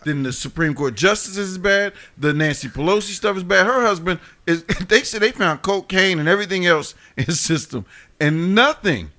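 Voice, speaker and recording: A man's voice: high-pitched, expressive, moderate pace, pushed and bright. A man co-hosting a podcast, speaking earnestly and ranting in casual chat. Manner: earnest, ranting about politics. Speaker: podcast co-host.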